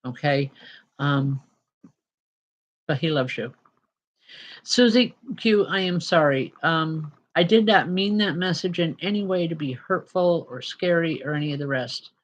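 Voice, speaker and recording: The recording is muffled as a low-voiced woman, a spiritual medium and show host, delivers live spirit-message readings at normal speed. Chatty and apologetic, she uses frequent ums and turns emotional at moments.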